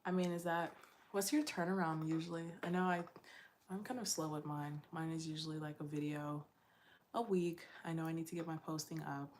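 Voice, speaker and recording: A young woman with a low voice talks through her week in a casual late-night chat. She is encouraging and chatty, laughs a lot, and often trails off mid-sentence. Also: fairly even intonation, a little fast, a little hiss or hum. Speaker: content creator.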